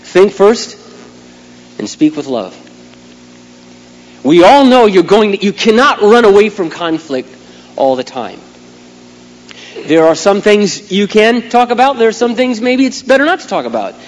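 A middle-aged man preaching a sermon as a pastor, swinging from quiet asides to loud, emphatic outbursts. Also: high voice, very animated, a little slow, pauses often. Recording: long hall reverb, faint hum.

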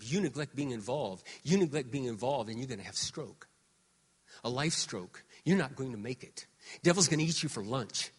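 A man in his sixties preaching a sermon as pastor, moving between quiet, confiding talk and loud, shouted exhortation. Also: medium pitch, slightly rough, long reverb tail. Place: church sanctuary.

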